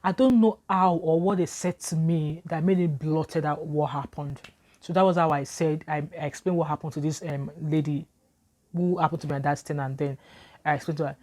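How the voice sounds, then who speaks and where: A woman's voice: low voice, moderate pace, a little mellow. A woman with a Nigerian English accent, telling a storytime vlog in an emphatic, repetitive way. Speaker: vlogger.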